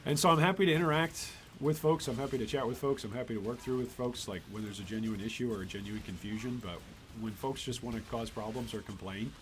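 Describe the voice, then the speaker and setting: A man's voice: medium pitch, fast, background noise. Man rambling over his gameplay. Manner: rambling, exasperated asides. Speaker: gaming channel host. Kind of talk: casual gameplay commentary.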